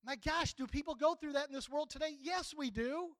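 A man's voice: very high voice, a little fast, fairly bright tone, dry recording, low-quality recording. A man in his sixties preaching a sermon in a folksy, plainspoken, conversational way.

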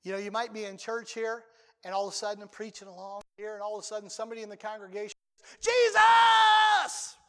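High-voiced older pastor preaching in a hall. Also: male voice, little pitch movement, very fast, clear, resonant tone. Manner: conversational preaching with sudden loud outbursts. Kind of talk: sermon.

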